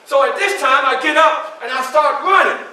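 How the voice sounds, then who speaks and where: Man playing Frederick Douglass, stage storytelling, high voice, echoey room heard from far off. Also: normal speed, pushed and bright, exaggerated voice. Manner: dramatic, addresses the audience directly. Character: Frederick Douglass, man recounting his enslavement. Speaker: living-history performer. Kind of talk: one-man historical storytelling performance. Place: library event room.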